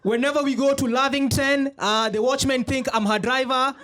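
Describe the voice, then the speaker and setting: A Kenyan man performing a stand-up routine on a club stage, with a quick, deadpan delivery. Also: extremely high pitch. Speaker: stand-up comedian.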